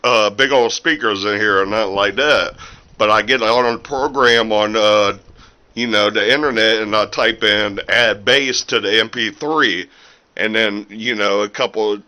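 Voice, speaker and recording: A man's voice: fairly low pitch, fairly even intonation, measured pace, pushed and bright, smooth, low-quality recording. A man vlogging casually from his small home recording room, rambling with lots of fillers and slightly out of breath. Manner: rambling, filler-heavy, restarts often. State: a little out of breath. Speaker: independent musician and small seller. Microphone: camera's built-in mic.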